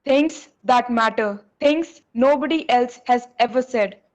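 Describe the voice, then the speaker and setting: A woman's voice: on the high side, unhurried, close to an everyday voice. A young woman reading the part of a stubborn, curious teenage boy in a class reading.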